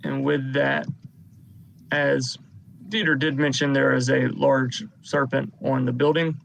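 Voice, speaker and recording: A man running a tabletop game as game master, narrating combat turns at an unhurried pace. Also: medium pitch, flat delivery, vocal fry, fairly bright tone, poor audio.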